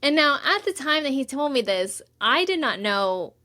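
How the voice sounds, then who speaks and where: Animated woman telling a personal story. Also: sits high. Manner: excited, animated storytelling with quick bursts and restarts. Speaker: podcast host. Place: at home.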